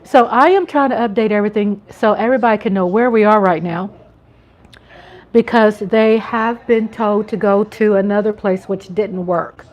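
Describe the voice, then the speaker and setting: A middle-aged American woman hosts a live chat stream, her medium-pitched voice moving at a moderate pace with lo-fi sound. She chats casually, laughs often, and greets viewers by reading their names from the chat.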